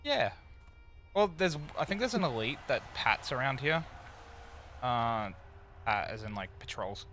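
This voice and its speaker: A man's voice: medium pitch, sing-song, a little slow, pauses often, sharp tone, a little hiss or hum. A man streaming an online game, chatting casually in a loose, rambling way with plenty of fillers. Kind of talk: casual chat while gaming.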